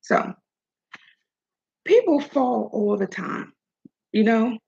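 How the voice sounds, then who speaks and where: An older woman hosts an opinion vlog, sassily addressing the person she's criticizing directly. Her fairly high voice swings widely in pitch and comes slowly, with vocal fry and a slightly rough, somewhat mellow quality. The recording is dull and lo-fi.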